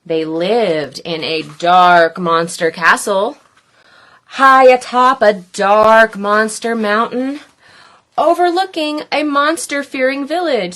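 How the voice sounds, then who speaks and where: A woman reading a children's picture book aloud in a playful, expressive way. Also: fairly high pitch. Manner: playful, expressive, slow and deliberate. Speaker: storyteller.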